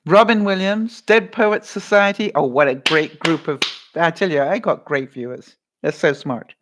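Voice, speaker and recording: A woman's voice: low voice, moderate pace. A woman vlogger chatting casually on a live stream, laughing often as she runs a movie-quote quiz and answers viewer comments.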